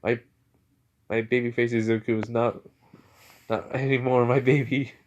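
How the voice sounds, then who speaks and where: A man voicing a worried, doting mother who frets over her grown son, speaking quietly. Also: mid-range voice, little pitch movement, normal speed, muffled recording, close to an everyday voice.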